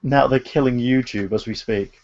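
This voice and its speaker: A laid-back man chatting easily on a live stream panel. His voice has a gravelly fry. The audio is dull and lo-fi. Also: mid-range voice, moderate pace, a little mellow. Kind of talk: casual chat on a live stream.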